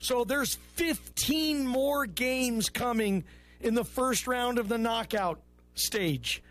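High-voiced chummy sports radio host, man. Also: takes it slowly, a bit bright, dry recording. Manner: loose, chummy, calls callers bro and brother. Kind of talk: casual call-in radio talk.

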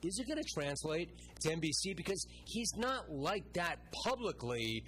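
A man's voice: fairly high pitch, sing-song, normal speed, fairly bright tone, slight background noise. A man hosting a sports interview, enthusiastic and emphatic, often repeating himself for stress. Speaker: sports show host.

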